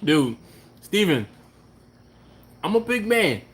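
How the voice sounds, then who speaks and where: A man hosting a barbecue channel's live stream, chatting casually and answering viewer comments in a relaxed, rambling way. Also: high voice, slow. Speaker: BBQ channel host.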